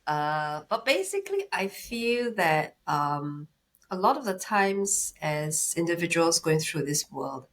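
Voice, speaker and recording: Calm, low-voiced woman co-hosting a podcast. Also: slow pace. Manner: calm and grounded. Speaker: podcast co-host. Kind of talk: casual podcast chat.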